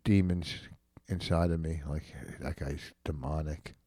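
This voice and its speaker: A man co-hosting a casual chat, telling a rambling story with halting restarts. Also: rumbling low, steady tone, mellow, no room sound, clean studio sound. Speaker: podcast co-host.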